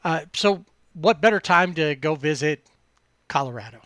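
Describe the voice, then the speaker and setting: A man's voice: fairly high pitch, expressive, moderate pace, a bit bright, dry recording. A man co-hosting a podcast, chatting casually and rambling with many fillers and restarts. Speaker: podcast co-host. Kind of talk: casual sports chat.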